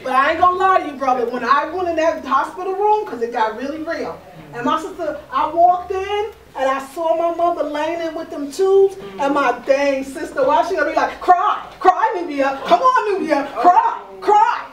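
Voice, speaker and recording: A woman giving spiritual advice in an animated storytelling way. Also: sits high, a little fast. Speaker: spiritual advisor. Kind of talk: conversational advice. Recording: echoey room, far from mic.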